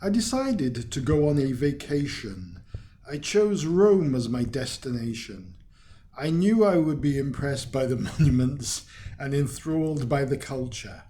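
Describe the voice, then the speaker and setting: A man's voice: medium pitch, animated, a little slow, dark tone. A man reading a weird tale aloud in an amused way, chuckling and adding asides. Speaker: story reader.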